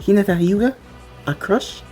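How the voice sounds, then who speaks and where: A reader voicing a brash, cocky young male ninja leader who talks loud and irreverent. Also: mid-range voice, moderate pace, soft background music, lightly acted.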